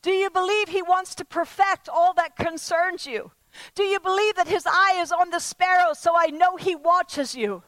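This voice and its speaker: High-voiced woman preaching a sermon. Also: moderate pace, a bit bright, dry recording, rough recording. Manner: earnest, repetitive questions to the congregation, stammered restarts. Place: church service before a congregation.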